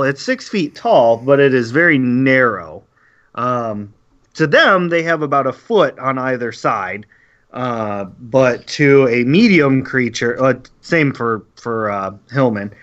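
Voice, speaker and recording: Slow, halting male game master. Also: mid-range voice, fairly bright tone. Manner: halting, with many fillers. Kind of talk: narrating a tabletop game. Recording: dull lo-fi audio.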